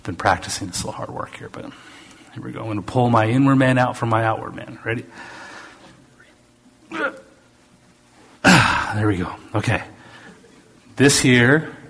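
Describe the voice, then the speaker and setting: Husky-voiced preacher, Southern-Canadian accent. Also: male voice, on the low side, normal speed, long pauses. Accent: Southern US mixed with Canadian. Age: older. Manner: animated, swings from soft asides to loud stressed scripture. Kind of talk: sermon.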